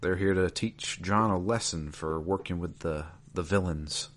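A man with a very deep voice talks through a video game story in easygoing chat. He rambles a little and fills gaps with ums and uhs as he goes. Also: a little slow. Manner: relaxed, rambling, filler-heavy.

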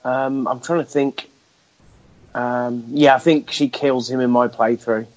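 A man's voice: mid-range voice, fairly even intonation, measured pace, muffled recording. A man in casual gaming chat, giving short, teasing reactions.

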